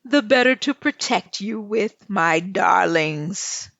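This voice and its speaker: A woman voicing a sly, angry big bad wolf who speaks with slow, forced sweetness. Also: medium pitch, lively intonation, vocal fry, fairly bright tone, no room sound, dull audio, heavily acted. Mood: falsely sweet.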